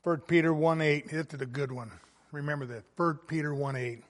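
A man preaching a sermon, reading scripture and stressing words with rising passion, swinging between soft and loud. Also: fairly high pitch, fairly even intonation, fairly quick. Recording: long reverb of a hall.

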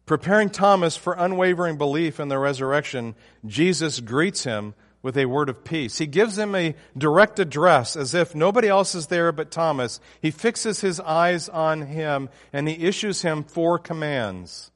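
A man's voice: fairly high pitch, animated, normal speed, big-room sound. A man preaching a sermon, emphatic and often restarting his phrases. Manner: emphatic, with frequent restarts and fillers.

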